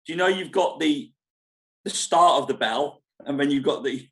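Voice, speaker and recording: A man's voice: on the high side, fairly bright tone. Chatty man hosting a casual live stream. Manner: chatty, rambling, quick to laugh. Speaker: show host at a holiday park. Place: foyer of a holiday park club.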